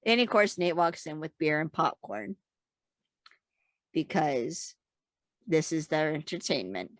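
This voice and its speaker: A woman's voice: sits low, very animated, measured pace, no room sound. A young woman co-hosting a casual podcast, retelling TV scenes with laughing asides. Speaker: podcast co-host. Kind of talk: casual recap chat.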